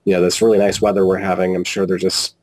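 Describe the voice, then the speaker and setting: A man telling a personal story as an interview guest, animated and quoting whole conversations with frequent restarts. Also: deep voice, quick pace, slight background noise, low-quality recording. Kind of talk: casual storytelling.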